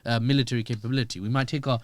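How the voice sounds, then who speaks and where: A man, a podcast guest giving animated, joking analysis with quick asides. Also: mid-range voice, no echo. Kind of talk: podcast discussion.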